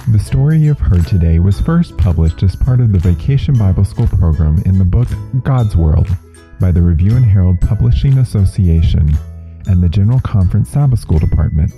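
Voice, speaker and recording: A man reading a formal closing announcement for a podcast in a measured way. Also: low voice, expressive, warm tone, faint music behind.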